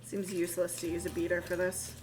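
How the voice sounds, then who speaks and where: A woman live-streaming while she bakes, chatting in a rambling, casual way, swearing freely and cooing in a high voice at her dogs. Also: completely flat delivery, fast. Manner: coos in a high voice when talking to her dogs. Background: music.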